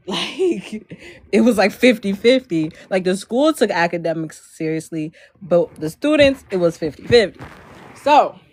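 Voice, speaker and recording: A young woman from Maryland telling a personal story in a storytime vlog, rambling with lots of fillers and frequent laughs. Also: medium pitch.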